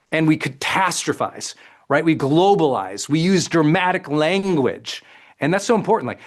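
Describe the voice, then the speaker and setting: A man coaching his audience in a motivational talk, his voice sitting a little high for a man. He talks conversationally and energetically, often checking in with his listeners. He jumps up in pitch when he acts out voices of self-talk. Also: animated, fairly quick. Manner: conversational, often asks "right?" and "does that make sense?". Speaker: personal development coach.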